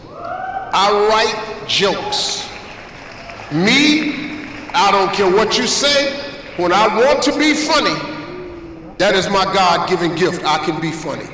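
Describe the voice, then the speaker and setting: A man delivering a motivational talk to students in a slow, deliberate way. His voice sits high and sounds bright and forceful. He is heard from a distance across a large, reverberant auditorium. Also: a little hiss or hum. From United States. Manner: emphatic, preacherly, repeats phrases for effect. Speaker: guest speaker. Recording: echoey hall from far off.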